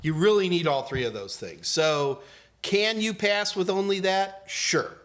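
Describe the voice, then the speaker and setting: A man in his sixties with a bright, fairly high voice, hosting a casual live question-and-answer stream. He talks in a playful, jokey way and often trails off mid-sentence. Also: unhurried. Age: 60s. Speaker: host, IT certification trainer.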